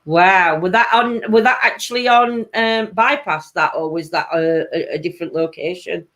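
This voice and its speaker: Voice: medium pitch, normal speed, sharp tone. A host with a Sheffield accent chatting casually on a live stream, reading out viewer comments, laughing often and trailing off mid-sentence. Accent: Sheffield, Yorkshire. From England.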